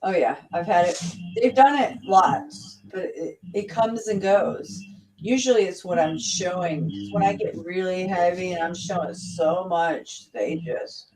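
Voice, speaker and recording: A woman hosting a casual livestream chat, rambling with many halting restarts. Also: fairly low pitch. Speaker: livestream host. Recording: distant mic with faint noise.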